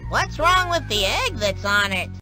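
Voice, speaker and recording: A woman's voice: on the high side, big pitch swings, unhurried, over music. A woman voicing an eager, goofy little boy fish who acts as a sidekick in a cartoon game. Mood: chirpy. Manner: chirpy, goofy.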